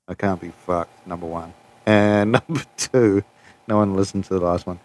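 Blunt low-voiced podcast host man. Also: steady tone, moderate pace, darkish tone, no room sound. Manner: blunt, profane, offhand. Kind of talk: casual podcast rant.

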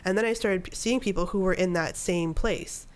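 Her voice sits fairly low, with a clear, resonant tone and a moderate pace. She's in her thirties, a guest on a podcast, sharing a personal story in relaxed conversation and voicing her own inner dialogue.

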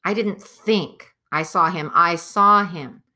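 Casting: earnest little girl, read by a woman, squeaky high and insistent, bright. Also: takes it slowly. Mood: excited. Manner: pleading, insistent. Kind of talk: audiobook character voice.

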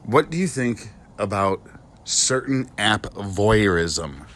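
Bright-voiced laid-back man co-host. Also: lowish voice, very animated, takes it slowly. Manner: laid-back, slangy, laughing. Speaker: podcast co-host. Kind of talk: casual comedic podcast chat.

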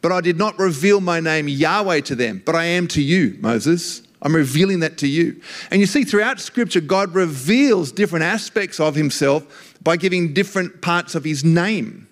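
Man, preacher, sermon, earnest, emphatic, conversational, somewhat high voice. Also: lively intonation, moderate pace.

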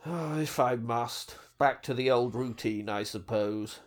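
A man playing a pompous, clueless upper-class man in a comedy sketch, with a deadpan, mock-scholarly delivery. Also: mid-range voice, measured pace, pitched below the performer's own voice, close to an everyday voice.

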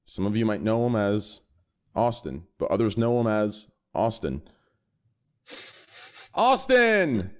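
A man's voice: on the low side, moderate pace, dark tone. A man hosting a casual podcast, introducing guests with rambling jokes. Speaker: podcast host.

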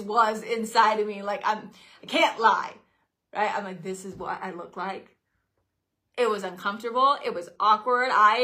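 A woman in her late twenties talking casually to her followers, chatty and expressive, acting out her own past reactions as she tells a personal story. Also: a little high. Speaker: social media creator. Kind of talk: casual talking-to-camera vlog.

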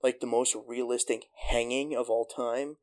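A podcast host in loose, casual conversation. He retells a film with excited energy, peppering it with swearing and filler words. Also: medium pitch, moderate pace. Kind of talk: casual chat.

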